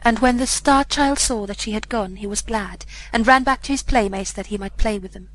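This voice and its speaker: A woman reading an old fairy tale aloud in a measured, even storybook narration. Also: medium pitch, slight background noise, poor audio. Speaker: audiobook reader.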